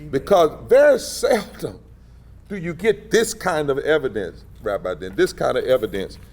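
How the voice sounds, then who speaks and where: At an indoor press event, a man speaking as a civil rights leader delivers an impassioned, preacher-style address at normal speed. His fairly high, animated voice has a darkish tone and swells rhythmically and emphatically on key phrases.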